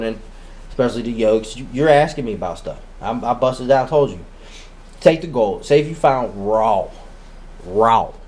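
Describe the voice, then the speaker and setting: Rambling man with street slang. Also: medium pitch. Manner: animated, street slang, rhetorical questions. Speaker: spiritual vlogger. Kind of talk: rambling metaphysical monologue.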